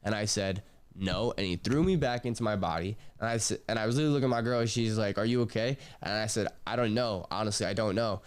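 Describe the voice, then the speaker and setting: A man's voice: on the low side, fast talker, smooth. A young man hosting a podcast, telling a personal story in a loose, slangy way, swearing, trailing off and restarting. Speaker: podcast host.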